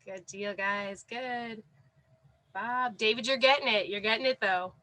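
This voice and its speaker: A woman's voice: on the high side, measured pace, bright, forceful tone, no room sound, rough recording. A woman teaching a class over a video call from home, encouraging and praising students by name. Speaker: sign language teacher. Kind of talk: online class instruction. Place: home, with a dog under the desk.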